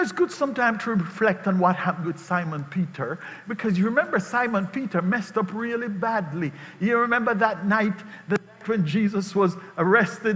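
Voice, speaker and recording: A man preaching a sermon as pastor, emphatic and rising to shouted call-and-response, in a church sanctuary. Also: high voice. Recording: long reverb of a large hall.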